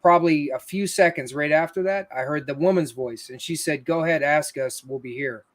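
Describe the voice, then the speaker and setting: A man who tells his stories earnestly in a relaxed conversation. His voice sits a little higher than most men's. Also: brisk. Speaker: paranormal investigator. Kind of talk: casual chat.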